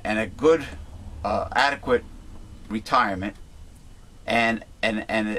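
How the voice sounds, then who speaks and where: Halting man hosting a talk show. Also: medium pitch, sharp tone, slight background noise. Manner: halting, with many restarts and repeated words. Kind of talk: casual talk-show commentary.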